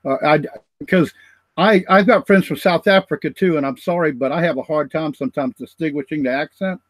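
A man's voice: fairly high pitch, fairly quick, dry recording. A man from the US East Coast hosting a casual podcast chat, rambling and chatty. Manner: rambling, chatty, lots of fillers. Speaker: host.

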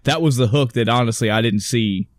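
A man's voice: mid-range voice, fairly quick, no room sound. Rambling, profane male podcast host. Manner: rambling, profane, laughing often. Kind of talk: casual podcast banter.

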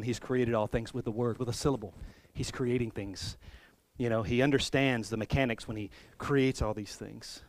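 A man's voice: medium pitch, no echo. A male pastor preaching a sermon in a conversational, humorous and musing way.

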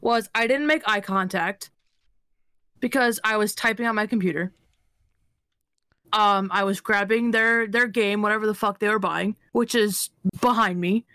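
A woman co-hosting a podcast, telling blunt, profane work stories in a deadpan way. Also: mid-range voice, normal speed, no room sound, studio quality. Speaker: podcast co-host. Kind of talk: casual chat.

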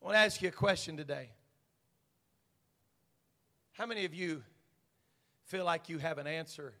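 A man, a senior pastor, preaching a Pentecostal sermon, dropping to quiet asides and then climbing to shouted proclamation. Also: on the high side, moderate pace, long reverb tail. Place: church sanctuary.

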